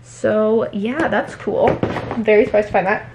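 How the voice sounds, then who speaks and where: A woman chatting casually at home in a haul vlog, talking fast with many fillers. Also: medium pitch, background noise. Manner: chatty, fillers every few words. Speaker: book vlogger.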